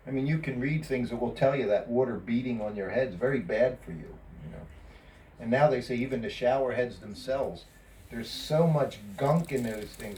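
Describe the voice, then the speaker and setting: Man, relaxed storyteller, warm low-toned voice, frequent chuckles, mic set back. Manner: laughs often, quotes others in lively asides. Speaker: former personal servant recalling memories. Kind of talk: casual storytelling to a small group. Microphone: phone or camera from a distance. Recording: distant phone recording.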